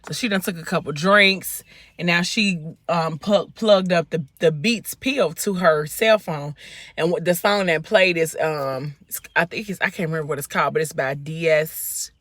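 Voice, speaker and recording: A woman's voice: sits low, normal speed, fairly bright tone, no echo. A woman vlogger casually retelling a book's plot while eating in her car, chatting with lots of fillers. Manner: chatty storytelling with many fillers. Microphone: phone.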